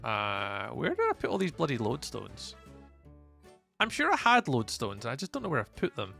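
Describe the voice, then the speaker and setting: A man's voice: medium pitch, big pitch swings, moderate pace, creaky, bright, forceful tone, faint music behind. A man from Scotland with a Scottish accent, chatting casually on a live stream and reading out and answering chat while he plays.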